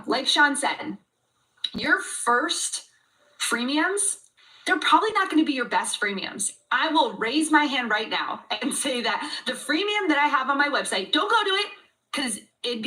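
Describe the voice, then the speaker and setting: A high, bright woman's voice, coaching an online audience in an animated way and often slipping into the thoughts of a customer. She talks to her listeners directly. The voice sits a little back from the microphone. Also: recorded from a distance, low-quality recording. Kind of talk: livestream teaching talk.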